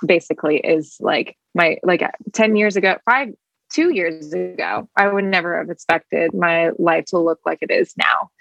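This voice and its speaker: This is a young woman with a low voice, recorded dry on a video call. She talks about her faith with earnest warmth, rambling and circling back with many fillers. Her emotion sits close to the surface. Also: moderate pace, creaky, dry recording, low-quality recording. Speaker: guest. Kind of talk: casual faith conversation over video call.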